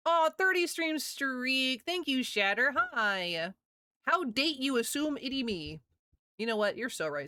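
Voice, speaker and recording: A woman in her thirties streaming, chatting casually with viewers, giggling often and talking quickly. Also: fairly high pitch, sharp tone, dry recording, studio quality.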